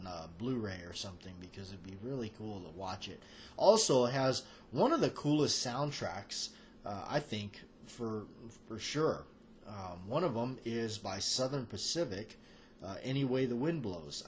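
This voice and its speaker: A man's voice: fairly low pitch, slight background noise. Rambling man chatting about an old film. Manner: rambling, hesitant, lots of fillers. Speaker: movie chat host. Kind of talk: casual film review.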